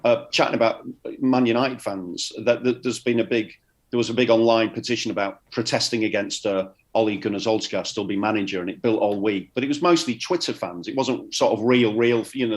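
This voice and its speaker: A man chatting casually as a comedian guest, rambling and repeating words, often laughing. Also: lowish voice. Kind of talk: casual chat.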